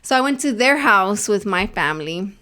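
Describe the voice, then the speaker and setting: A woman's voice: mid-range voice, expressive, moderate pace, bright, forceful tone, clear, resonant tone. A young woman co-hosting a podcast, chatting casually and rambling through her week, dropping in Spanish phrases. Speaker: podcast co-host. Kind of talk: casual chat.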